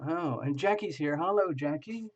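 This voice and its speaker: A man's voice: on the high side, expressive, normal speed, dull audio. Chatty man hosting a live tarot stream. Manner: chatty, greets viewers by name, laughs often. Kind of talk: casual live-stream chat.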